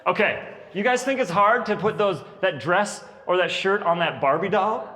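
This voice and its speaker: A man in his thirties doing stand-up comedy at a birthday party, telling stories about his kids with lively, animated delivery. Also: high-pitched, moderate pace, in a large hall. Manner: animated storytelling, puts on kids' voices.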